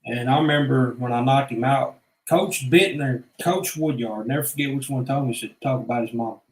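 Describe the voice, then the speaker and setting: A man who vlogs shares casual personal stories, blunt, profane, and meandering. His voice is medium-pitched at a normal speed, recorded in an echoey room.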